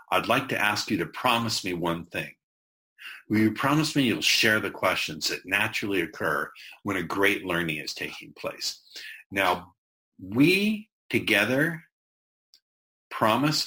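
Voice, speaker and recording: Deep-voiced man teaching a course. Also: bright, forceful tone, low-quality recording. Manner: conversational, jokey asides, varies pace for emphasis. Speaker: sales and persuasion instructor. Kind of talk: recorded course lecture.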